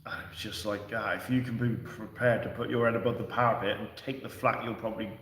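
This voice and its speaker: A man's voice: on the low side, steady tone, fast, fairly bright tone. A man hosting a casual livestream, chatting and answering viewers in a rambling way with fillers and restarts. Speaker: livestream host. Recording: echoey room, distant from the mic.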